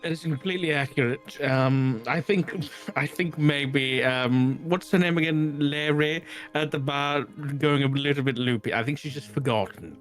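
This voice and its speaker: A man playing in a tabletop game, teasing and deadpan in character. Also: on the high side, moderate pace, hardly any pauses, soft background music. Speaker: player.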